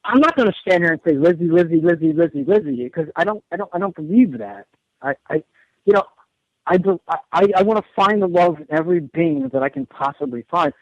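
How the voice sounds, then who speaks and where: A man's voice: sits high, big pitch swings, brisk, dry recording, dull audio. A man as a radio show guest, talking earnestly in long rambling runs and often repeating his words. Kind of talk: casual radio interview.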